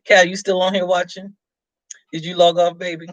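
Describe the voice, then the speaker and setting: A woman's voice: lowish voice, flat delivery, moderate pace, no echo, dull audio. Chatty woman hosting a live stream. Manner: chatty, teasing, frequent laughs. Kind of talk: casual live-stream chat reading viewer comments.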